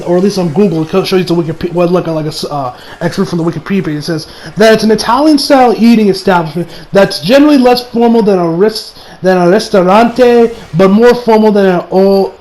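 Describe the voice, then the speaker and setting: A man's voice: high-pitched, animated, fairly quick, few pauses, a little mellow, low-quality recording. An American man, a young adult, recapping an anime episode in a rambling, profane, casual way, with many fillers and restarts. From United States. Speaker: anime reviewer.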